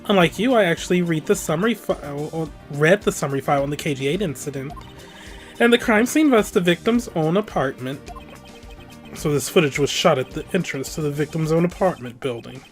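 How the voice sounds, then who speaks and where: A game player voicing a haughty, sharp-tongued young female prosecutor with a curt, condescending tone, over game music. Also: mid-range voice, a little fast, close to an everyday voice.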